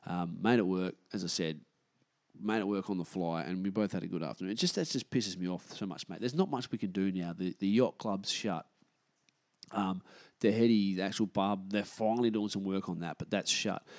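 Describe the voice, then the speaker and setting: A man with an Australian accent hosting a podcast on his own, ranting casually and bluntly, swearing a lot and getting loud when annoyed. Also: sits low, fairly quick. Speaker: podcast host. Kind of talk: casual solo rant.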